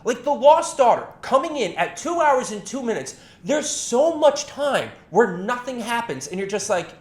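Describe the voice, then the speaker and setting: A man rants about films in a sarcastic, rambling way and keeps correcting himself as he goes. His pitch jumps around a lot, and the room echoes around him. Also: very animated, normal speed, a little mellow. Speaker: film reviewer. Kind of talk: casual opinion monologue.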